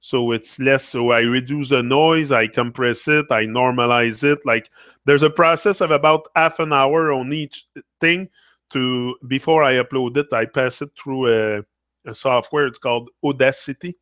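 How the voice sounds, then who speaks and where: A man's voice: medium pitch, steady tone, normal speed, fairly bright tone, no echo. Quebec-accented man chatting live. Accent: Quebec French. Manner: switches between French and English, many fillers. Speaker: livestream host. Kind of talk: casual live chat with viewers.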